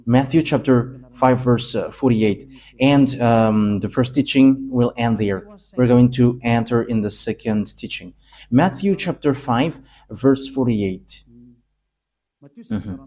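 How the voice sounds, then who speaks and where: A man from Madagascar, preaching a sermon in emphatic, halting English with frequent pauses. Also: mid-range voice, warm tone.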